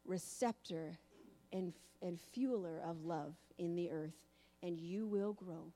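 A woman preacher giving a sermon in an animated storytelling manner. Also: fairly low pitch, takes it slowly.

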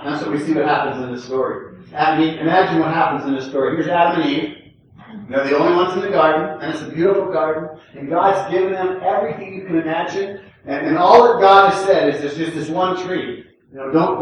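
An older man preaching a sermon in a relaxed, conversational way, often checking in with the congregation and chuckling. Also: a little high, fairly quick. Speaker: pastor. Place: church sanctuary. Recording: echoey room, distant from the mic.

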